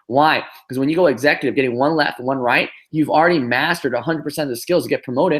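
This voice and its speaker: Animated man telling a motivational story. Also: medium pitch, fast talker, hardly any pauses. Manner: animated storyteller, many fillers and tag questions. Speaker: business trainer. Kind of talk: motivational talk on a group call.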